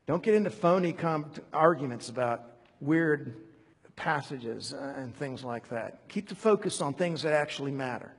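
A man preaching a conversational sermon, animated and digressive, with many fillers and restarts. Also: medium pitch, normal speed, slightly rough, big-room sound. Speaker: preacher teaching a Bible study.

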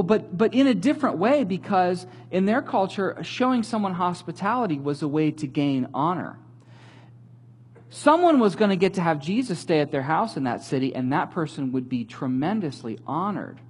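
A man giving a sermon as a pastor, telling the story in a conversational, animated way with light humor. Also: fairly high pitch, breathy edge.

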